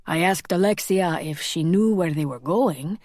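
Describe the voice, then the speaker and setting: Teasing young male shifter, joking banter, slightly low voice, voiced by a woman narrator. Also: a little slow, darkish tone, no echo, clean studio sound, natural voice. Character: teasing young male shapeshifter friend, cocky.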